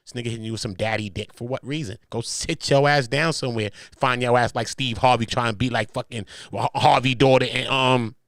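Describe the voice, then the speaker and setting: A man hosting a live reaction show. He reads a document aloud and comments on it in an animated, profane way, swinging between shouting and muttering. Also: medium pitch, a little fast, few pauses, no echo, studio quality. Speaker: host.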